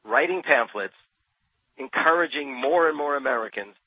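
Husky man talking with fervor. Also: mid-range voice, animated, moderate pace, no room sound. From New Jersey. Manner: emphatic, passionate, stacks repeated words while thinking. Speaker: radio guest, expert on Thomas Paine. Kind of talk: radio interview talk. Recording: dull, dry lo-fi radio sound.

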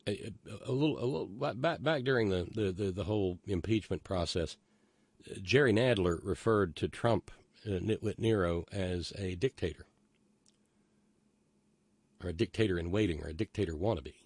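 Low-voiced sardonic male podcast host. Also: normal speed, pauses often, darkish tone, slightly rough, no echo. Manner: sardonic and profane, rambling with many restarts. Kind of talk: casual political commentary.

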